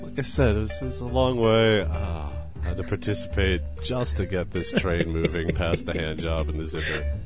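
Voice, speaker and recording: A man's voice: low voice, moderate pace, over music. A man hosting a casual podcast, teasing his co-host in a dry way and laughing often.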